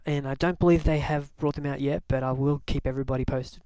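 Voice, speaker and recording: A man chatting casually to camera as a vlogger, relaxed and full of fillers. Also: mid-range voice, fast, no room sound.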